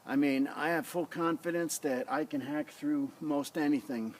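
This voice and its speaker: Out in his front yard, a man casually reviews a survival knife for a vlog, talking into a tablet camera on a tripod. His voice is a little high and moderately paced, and his outdoor demo is rambling and blunt.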